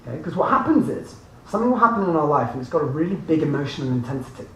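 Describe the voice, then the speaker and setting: Animated man speaking to a seminar crowd. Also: on the high side, rapid-fire. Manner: animated, laughing, addresses audience directly. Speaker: motivational speaker. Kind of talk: live seminar talk. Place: seminar room with audience. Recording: echoey room from far off, faint noise.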